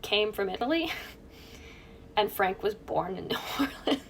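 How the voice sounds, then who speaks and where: A woman's voice: mid-range voice, expressive, a little slow, fairly bright tone, slight background noise. A woman co-hosting a true crime podcast, chatting casually, joking and laughing at her own asides. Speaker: podcast co-host.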